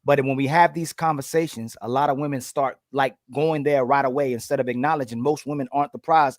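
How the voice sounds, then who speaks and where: A man's voice: mid-range voice, dry recording, clean studio sound. A man co-hosting a panel debate, making emphatic points in long runs of repeated phrases. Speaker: panel co-host.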